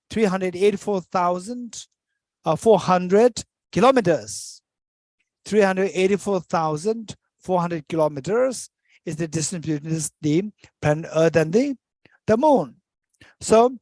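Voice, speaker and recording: High-voiced man teaching Buddhist philosophy. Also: darkish tone, dry recording. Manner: repeats phrases while explaining, halting restarts. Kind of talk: dharma teaching.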